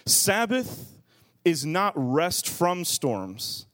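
A man who is a pastor, preaching a sermon and telling a funny story in a lively, animated way. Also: fairly high pitch, extremely slow. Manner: animated, acts out other people's voices.

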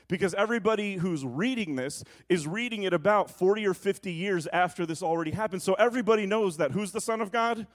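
A man with a notably high-pitched voice delivers a sermon as pastor. He swings from emphatic, proclaiming lines to hushed, wry asides to the room. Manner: preaching, shifting from booming to hushed asides.

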